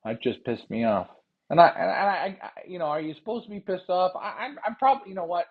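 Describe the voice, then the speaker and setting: A man hosting a pigeon racing show, ranting heatedly with lots of profanity and repetition, then calmly explaining how he handles his birds. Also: sits high, quick pace, phone-quality sound. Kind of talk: casual livestream talk.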